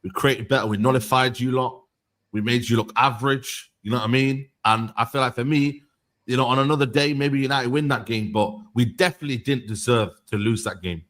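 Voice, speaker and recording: A man's voice: mid-range voice, brisk, fairly bright tone. A man co-hosting a football show, defending his team and repeating his points. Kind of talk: casual football banter.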